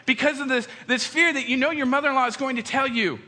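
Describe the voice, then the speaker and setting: A man in his thirties giving a humorous storytelling talk to an audience, animated and acting out quoted voices. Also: very high-pitched, fast talker. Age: 30s. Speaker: speaker addressing an audience. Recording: long hall reverb.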